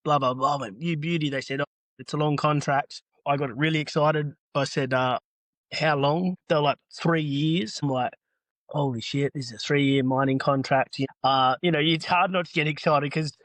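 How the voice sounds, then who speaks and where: Australian man, guest on a trade podcast, lively yarn-spinner, slightly high voice, dry close recording. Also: moderate pace, dry recording. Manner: animated, acts out both sides of conversations. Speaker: podcast guest, earthmoving business owner. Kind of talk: casual storytelling.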